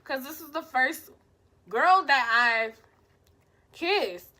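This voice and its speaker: A young woman vlogger telling a casual storytime, animated and profane, acting out her own lines. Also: high-pitched, slow.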